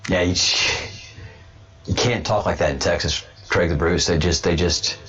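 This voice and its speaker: A man with a fairly low voice hosts a casual political livestream. He rambles, repeats words and restarts his sentences as he goes. The sound is dull and lo-fi. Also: moderate pace, breathy edge. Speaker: host of a livestream show.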